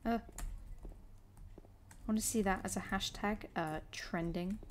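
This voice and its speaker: A woman's voice: mid-range voice, measured pace, slight background noise. A British woman streaming a game live, chatting, swearing and laughing as she plays. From United Kingdom. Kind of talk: live gameplay commentary.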